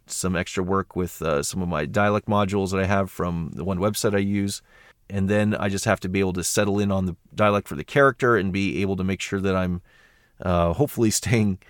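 A man's voice: low-pitched, no echo, clean studio sound. An American man talking in casual podcast chat as an audiobook narrator guest, rambling along with plenty of fillers and restarts.

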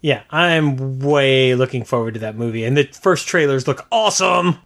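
A man's voice: medium pitch, moderate pace. A man co-hosting a casual podcast chat who talks with eager enthusiasm. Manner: enthusiastic, excitable. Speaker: podcast co-host.

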